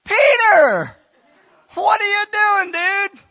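A man doing a shrill, brash risen woman. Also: big pitch swings, slow, exaggerated voice. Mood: exasperated. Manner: shouting, exasperated, slangy. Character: brash young woman just raised from the dead.

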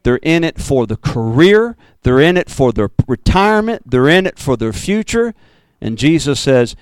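A man preaching a fiery Pentecostal sermon, swinging from loud bursts to low, intense asides. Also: big pitch swings, normal speed, smooth, dry recording. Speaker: pastor.

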